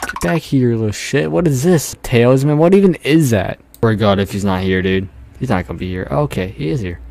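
A man's voice: on the low side, lively intonation, normal speed, vocal fry, a little mellow, faint music behind. A young man playing a horror game, jumpy and nervous, swearing often and laughing at his own scares. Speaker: gamer.

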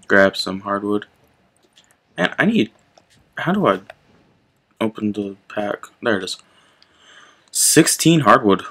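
A young man hosts a gaming channel, talking through a playthrough in casual commentary and reacting out loud to what he sees. His voice sits a bit low and sounds bright and forceful, and he takes his time with each line. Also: lively intonation, slow pace, long pauses. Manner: chatty, reacting out loud to the game.

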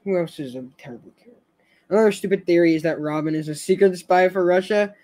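High-voiced young man rambling about a show. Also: fast talker, mellow. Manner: rambling, stammers and restarts, laughs often. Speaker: show fan host. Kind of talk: casual fan commentary stream.

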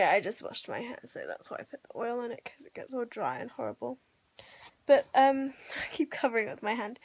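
A young woman chatting casually in a daily vlog, tired and a little out of breath, laughing often. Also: a little high. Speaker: vlogger.

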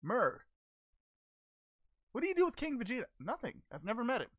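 A woman's voice: on the high side, huge pitch swings, fairly quick, background noise. A woman voicing a cheerful, naive male alien martial-arts hero, hosting an in-character fan Q&A in a goofy, easily distracted way with lots of hesitant ums. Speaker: channel host answering fan questions.

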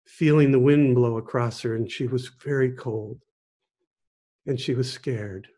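A man, a pastor, telling a parable in a sermon, gently and with pauses. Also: medium pitch. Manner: slow, gentle storytelling with pauses. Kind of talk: storytelling sermon.

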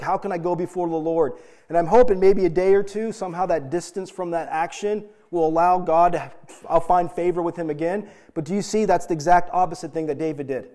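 Male pastor, middle-aged, high voice, earnest emphatic sermon delivery. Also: darkish tone. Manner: earnest, emphatic preaching with direct questions to the congregation.

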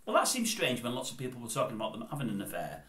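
A man's voice: mid-range voice, huge pitch swings, rapid-fire, a bit bright. Rambling older man. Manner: rambling, digressive, opinionated. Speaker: YouTube commentator. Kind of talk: casual opinion vlog. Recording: roomy echoey room.

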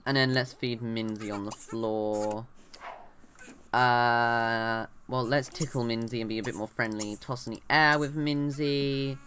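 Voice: medium pitch, steady tone, a little slow, a bit bright, a little hiss or hum. Chatty young gamer, rambling. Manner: chatty, rambling, talks to game characters, often trails off. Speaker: let's play gamer. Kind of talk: casual gameplay commentary.

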